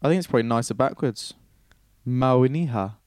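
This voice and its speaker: A man's voice: mid-range voice, a little fast, a little mellow, no room sound, studio quality. A man in casual chat, retelling Bible stories irreverently with swearing and light character voices.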